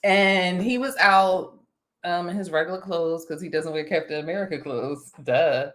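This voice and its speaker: A woman hosting a casual chat, animated and talkative, laughing often. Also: fairly low pitch, normal speed. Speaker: vlog host.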